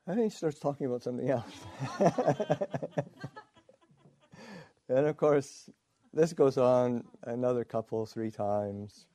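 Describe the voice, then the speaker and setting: A man, a Buddhist monk, telling a story in a dharma talk, halting with many pauses and fillers and chuckling along the way. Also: medium pitch, mellow.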